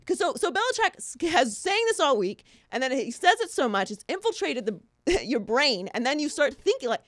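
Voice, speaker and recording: A woman's voice: high-pitched, sing-song, moderate pace, a bit bright, no echo, studio quality. A woman co-hosting a sports podcast, talking in a casual, opinionated and sarcastic way. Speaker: podcast co-host.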